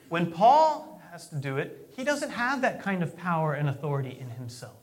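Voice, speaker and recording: A man's voice: sits high, big pitch swings, normal speed, hardly any pauses. A male pastor preaching a sermon in a conversational, storytelling way, often repeating words as he starts a thought.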